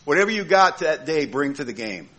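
A man's voice: on the high side, big pitch swings, fairly quick, bright, forceful tone. A man telling a humorous story about his own recovery, acting out the voices of other people with comic timing. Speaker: recovering alcoholic sharing his story at a meeting. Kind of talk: humorous personal recovery talk.

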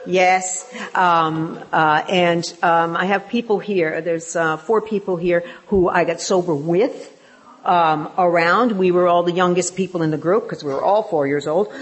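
Woman, older, from England, low-ish voice, personal testimony, self-deprecating humor, lots of ums. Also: unhurried. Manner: self-deprecating, joking, many fillers. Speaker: speaker at a recovery meeting.

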